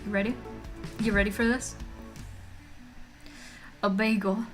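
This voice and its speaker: A woman with a mid-range, steady voice talks at an unhurried pace while faint music plays behind her. She's streaming from her home setup, drawing as she chats casually and jokes with viewers, reading their messages aloud.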